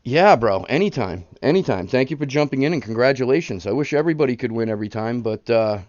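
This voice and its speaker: Fast and lively in intonation, his mid-range voice carries a slightly mellow quality over dull audio with no echo. He's a man in his thirties hosting a live card-breaking stream, chatting casually, rambling, and hyping the pulls.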